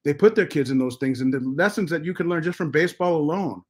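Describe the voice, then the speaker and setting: A middle-aged American man telling stories as a podcast guest, animated and profane, with many restarts. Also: fairly high pitch, quick pace. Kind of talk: casual storytelling.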